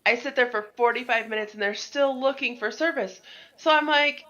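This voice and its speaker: Profane, animated woman telling a story. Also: fairly high pitch, normal speed, dull audio. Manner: animated storytelling, heavy swearing. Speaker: podcast co-host. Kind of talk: casual chat.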